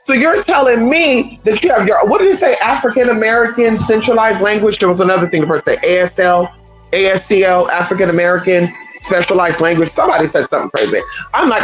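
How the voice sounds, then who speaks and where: A livestream host rants straight to viewers, firing off rhetorical questions and cursing freely. The voice rides a wide, lively pitch range. Soft music hums underneath. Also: normal speed, rough recording. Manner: animated, rhetorical, with profanity. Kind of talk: livestream rant.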